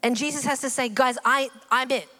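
Woman preaching, slightly high voice, lively storytelling, echoing hall, faint music underneath. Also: brisk. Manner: animated, acts out voices in the story. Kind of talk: sermon. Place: church hall.

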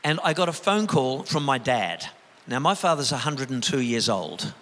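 An older man preaching a sermon as pastor, telling stories in a way that drops to a hush and builds to an emphatic rise. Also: medium pitch, big pitch swings, moderate pace, long reverb tail. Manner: emotive storytelling, swinging from hushed to rising emphatic.

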